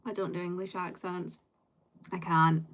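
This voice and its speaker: A woman's voice: lowish voice, little pitch movement, unhurried, fairly bright tone, a little hiss or hum. A woman live streamer chatting with her viewers in a loose, rambling way. She strings thoughts together with constant fillers and drops casual swear words.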